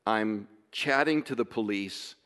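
A man telling a family story in a casual way, emotional and halting, with many restarts. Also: lowish voice, fairly bright tone, big-room sound.

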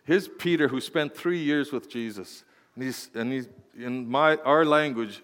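A pastor preaches a sermon in a playful, animated way, swinging from quiet asides to loud exclamations. His medium-pitched voice keeps a measured pace, and a long hall reverb surrounds it.

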